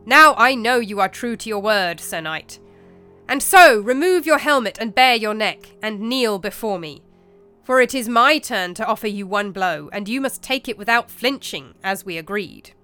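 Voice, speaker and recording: A woman voicing a huge, stern male knight who speaks in loud, commanding declarations. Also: mid-range voice, expressive, normal speed, smooth, faint music behind.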